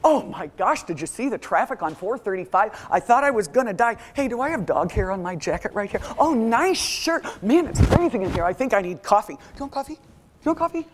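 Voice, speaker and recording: A woman voicing a frazzled, chatty office worker rushing in late to a meeting. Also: on the high side, animated, slight background noise, lightly acted. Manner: rushed scatterbrained chatter.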